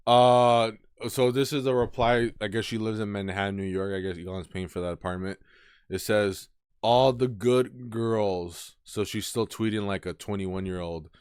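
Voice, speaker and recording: Deep voiced dude reading posts out and cracking jokes, dry close sound. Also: male voice, flat delivery, normal speed, clear, resonant tone, dry recording. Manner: offhand, reads posts aloud and jokes. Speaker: podcast co-host. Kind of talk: casual chat.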